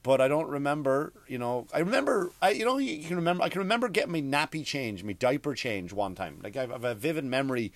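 A man's voice: medium pitch, big pitch swings, quick pace, few pauses, no echo. A middle-aged man from Ireland with an Irish accent, hosting a comedic rant podcast in a crude, rambling, profane way. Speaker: podcast host.

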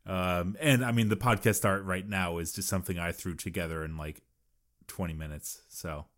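A man's voice: low-pitched, steady tone, moderate pace, fairly bright tone. A man co-hosting a podcast in casual chat, easygoing and dry, laughing a lot. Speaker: podcast co-host.

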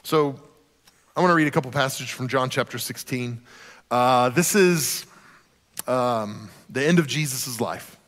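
A man's voice: mid-range voice, unhurried, fairly bright tone. A man preaching a sermon as a pastor, conversational and joking, sometimes acting out quoted voices. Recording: long hall reverb.

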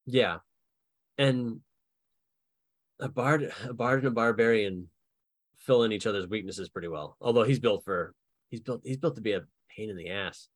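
On a casual podcast about building game characters, a co-host who's also the dungeon master speaks in a fairly low voice with no room sound. He's lively, laughs often, and tosses off quick bits of acted dialogue while brainstorming characters.

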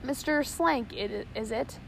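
A woman voicing a cool, ruthless male pirate captain who speaks gruffly and with menace in a storybook reading. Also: fairly high pitch, takes it slowly, a bit bright, slight background noise, exaggerated voice, low-quality recording. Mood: menacing.

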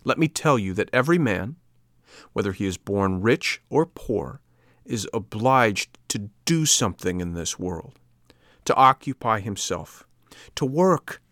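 A man's voice: on the low side, lively intonation, unhurried, fairly bright tone, no echo, studio quality. A man voicing a kind but stern motherly fairy, speaking in a solemn, admonishing way in a storybook reading.

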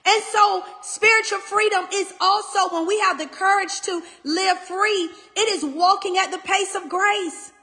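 A woman's voice: very high-pitched, fairly even intonation, unhurried, few pauses, bright, forceful tone, in a large hall. A middle-aged woman hosting a faith podcast, preaching in a fervent, emotional way and calling her listeners y'all. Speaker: podcast host and faith speaker.

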